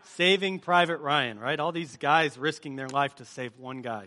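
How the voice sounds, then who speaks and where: A high-pitched man with a bright, forceful voice opens a sermon for a live congregation. He talks in a chatty, joking way and quizzes the crowd with energy. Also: normal speed, few pauses. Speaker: pastor. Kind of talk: sermon opening with a movie-quote game. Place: church service before a live congregation.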